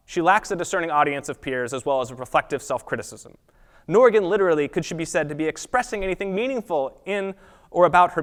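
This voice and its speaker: A man's voice: fairly high pitch, fairly bright tone. Man lecturing in an echoing hall. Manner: measured, reads prepared text with occasional self-corrections. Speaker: college lecturer. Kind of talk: academic lecture. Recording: long reverb of a lecture hall.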